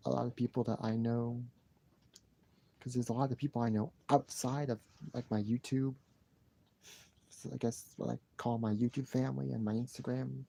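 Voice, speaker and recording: Gravelly-voiced man rambling on a live stream. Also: mid-range voice, fairly even intonation, moderate pace, dark tone. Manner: rambling, repeats himself, sighs. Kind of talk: casual live-stream chat.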